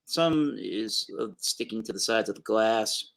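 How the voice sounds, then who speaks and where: A man's voice: on the low side, unhurried, creaky, poor audio. A man hosting a casual beer review show, rambling through tasting notes with plenty of fillers.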